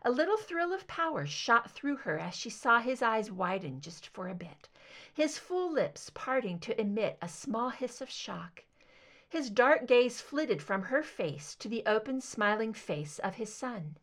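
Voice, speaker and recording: A woman narrates a fan fiction audiobook, reading expressively. Her pitch moves with a lively, animated range. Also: a little slow. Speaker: reader.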